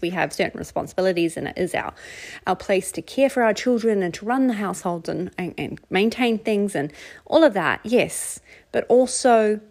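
A woman's voice: mid-range voice, darkish tone. A middle-aged woman from New Zealand hosting a casual solo podcast, talking candidly and conversationally with repeated phrases and self-mocking laughs. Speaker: podcast host.

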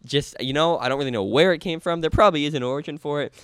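A man's voice: fairly high pitch, rapid-fire, fairly bright tone, smooth, dry recording. A young man co-hosting a running podcast, telling stories in a laid-back, rambling way. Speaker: podcast co-host. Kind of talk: casual chat.

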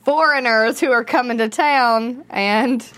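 A woman's voice: fairly high pitch, measured pace, a bit bright. Chatty woman hosting a panel. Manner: bubbly, chatty, laughs easily. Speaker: host. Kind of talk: casual panel chat about a TV episode.

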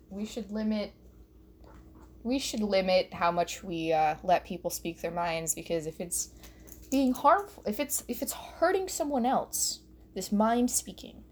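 A young woman doing a profane, rambling comedy rant alone in her bedroom, recorded on her phone, laughing at her own jokes. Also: medium pitch. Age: young adult. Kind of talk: solo stand-up style rant.

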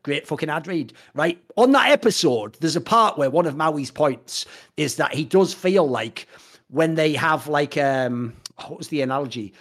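A man co-hosting a podcast in casual banter, animated, sardonic and sweary. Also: on the high side, normal speed. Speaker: podcast co-host.

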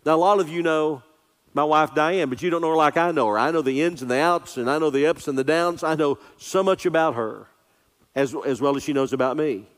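A man preaching an earnest, emphatic sermon as a pastor, slowing down to stress scripture. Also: a little high. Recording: long reverb of a large hall.

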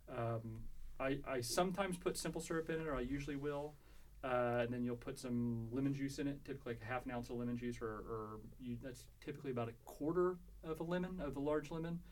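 Male podcast co-host, casual, mid-range voice, explains recipes step by step, halting with fillers. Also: mid-range voice, a little mellow. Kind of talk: casual chat.

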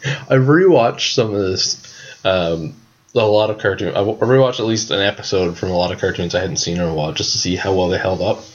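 Young guy with a lowish voice, swears a ton, laughs a lot, kinda muffled lo-fi audio. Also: a little fast, husky. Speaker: podcast co-host. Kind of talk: casual chat. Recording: dull lo-fi sound.

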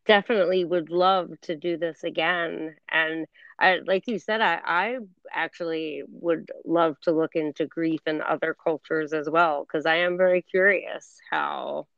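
A woman's voice: deep voice, fairly even intonation, unhurried, gravelly, no room sound, dull audio. A woman from the United States in her forties, hosting an interview over a call, effusive and stumbling over repeated starts. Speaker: podcast host. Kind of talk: casual conversation. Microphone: phone or call recording.

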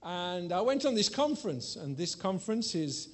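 A fairly high-voiced preacher gives a sermon to a live congregation at normal speed, sharing a frank, self-deprecating personal story. His volume swings lively, sometimes sinking almost to a mutter and sometimes rising into a loud, overdone plea.

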